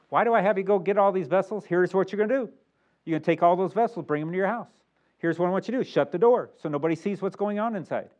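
A man preaching a sermon, reading King James verses aloud and growing louder on key points. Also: high-pitched, fast, dull audio.

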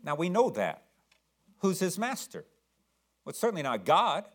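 A male pastor delivering a sermon with a fairly high voice. He talks emphatically, throws questions at the listeners and often repeats himself as he builds a point. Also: huge pitch swings, moderate pace, fairly bright tone.

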